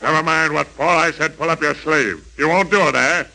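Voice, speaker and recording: An actor playing a tough, domineering smuggler boss in a 1940s radio drama. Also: male voice, fairly high pitch, fairly quick, pushed and bright, heavily acted, low-quality recording. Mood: menacing. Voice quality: gravelly and domineering. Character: tough, menacing adult male smuggler boss.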